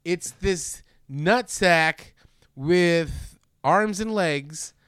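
Animated, high-voiced man riffing on a film. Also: very slow, clear, resonant tone, no echo, clean studio sound. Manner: animated, profane, acts out scenes with silly voices and sound effects. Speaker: podcast co-host discussing a film. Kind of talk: casual film discussion.

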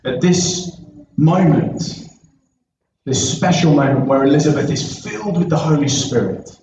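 A man's voice: on the high side, animated, unhurried, darkish tone, slight background noise. A man, a pastor giving an earnest, conversational sermon in a church. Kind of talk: sermon with opening prayer. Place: church sanctuary. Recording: echoey church recorded from far off, dull sound.

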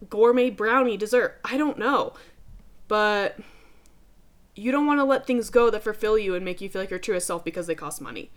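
Emphatic, casually swearing young woman host. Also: a little high. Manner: emphatic, swears casually, calls listeners dude. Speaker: podcast host. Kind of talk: casual motivational podcast talk.

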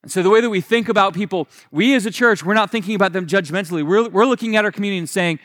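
A man with a fairly high voice preaches a sermon from the pulpit. He talks in a loose, conversational way, restarting and correcting himself as he goes. He retells scripture in plain everyday words. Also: very fast, hardly any pauses, a bit bright. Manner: retells scripture in casual paraphrase. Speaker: pastor.

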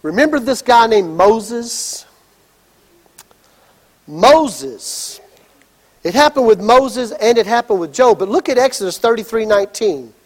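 A pastor delivering a sermon, acting out the story with lively asides and shouts. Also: male voice, sits high, measured pace, pauses often, long reverb tail. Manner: animated storytelling, acts out scenes and shouts.

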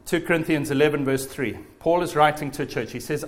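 A man preaching a sermon in an earnest, animated way. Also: on the high side, brisk.

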